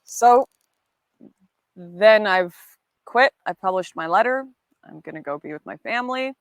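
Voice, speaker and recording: A woman narrating a documentary about her own experiences, telling events in a measured way. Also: mid-range voice, animated, slight background noise. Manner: measured storytelling, voices others' words in quotes.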